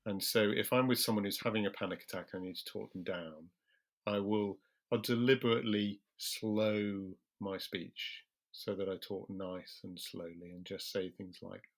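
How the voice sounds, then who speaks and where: A British man talks as a doctor guest in an interview, his voice sitting fairly low. He explains calmly and in measured steps, often slowing right down to make a point. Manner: calm, measured, slows deliberately for emphasis. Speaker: general practitioner guest.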